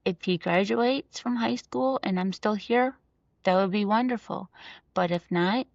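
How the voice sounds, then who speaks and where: Halting young woman, dull dry recording. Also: medium pitch, gravelly, dry recording. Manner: halting, many fillers and restarts. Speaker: interview guest. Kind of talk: emotional personal interview.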